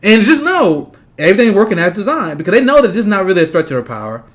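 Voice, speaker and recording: A man's voice: high-pitched, very animated. A man delivering a heated, profane political rant, angry and laughing scornfully between points. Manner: angry, fast, profane, laughs mid-sentence. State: agitated. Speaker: political commentator.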